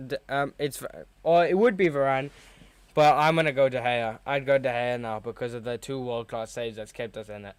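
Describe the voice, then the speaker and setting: Excitable young football fan. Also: male voice, mid-range voice, normal speed, clear, resonant tone, dry recording. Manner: excitable fan reactions, chatty. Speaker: football watchalong host. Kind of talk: live match watchalong commentary.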